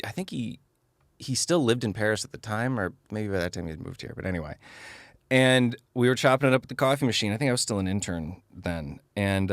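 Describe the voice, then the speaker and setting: A man's voice: lowish voice, a bit bright, dry recording. A man in his thirties, a music producer and engineer, chatting as a podcast guest in a joking, rambling way with lots of restarts. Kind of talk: casual podcast chat.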